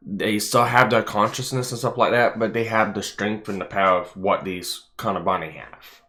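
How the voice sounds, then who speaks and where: A low-pitched man chatting casually as a stream host. He swings from relaxed rambling to sudden excited outbursts, swears casually and laughs a lot. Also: normal speed. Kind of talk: casual livestream chat.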